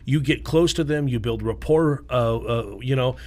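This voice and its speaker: A man co-hosting a casual podcast chat, laying out advice emphatically. He often pauses to check in with a quick "okay?". His voice sits at an ordinary middle pitch. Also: darkish tone. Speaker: podcast co-host.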